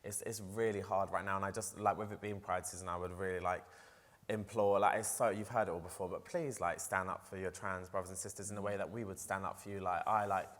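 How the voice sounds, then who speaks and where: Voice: low voice, steady tone, fast talker, a bit bright. A trans presenter speaking on a festival panel, talking casually and passionately with many "like"s and restarts. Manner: casual, run-on speech full of "like" and restarts; passionate and emotional. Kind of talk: panel discussion. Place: festival panel on a stage in a large hall. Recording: long hall reverb.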